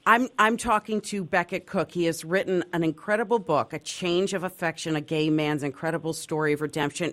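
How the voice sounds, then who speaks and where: A woman's voice: sits low, fairly bright tone. A woman hosting an interview, asking careful questions and giving brief encouraging replies. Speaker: interviewer host.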